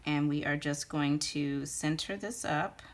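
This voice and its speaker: Low-voiced woman gushing over a craft. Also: measured pace. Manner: chatty, gushing, thinks aloud while working. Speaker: card-making demonstrator. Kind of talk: casual crafting tutorial.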